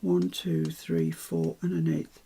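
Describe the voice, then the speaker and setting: A woman's voice: low voice, little pitch movement, slow pace, creaky, warm tone, breathy edge. An older woman giving a chatty live craft demonstration, with self-mocking asides while she works. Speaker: craft tutor.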